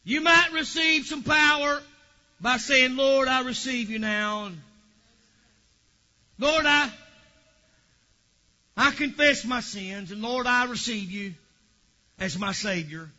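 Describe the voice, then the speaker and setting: A man preaching a fervent Pentecostal sermon, swinging from quiet asides to shouted praise. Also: very high voice, slow pace, pauses often, highs cut off.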